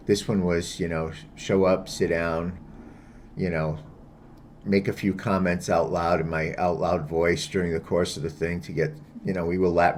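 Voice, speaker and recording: A man's voice: low voice, darkish tone, slight background noise. A man co-hosting a political podcast in casual chat, dropping wry, joking asides. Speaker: podcast co-host.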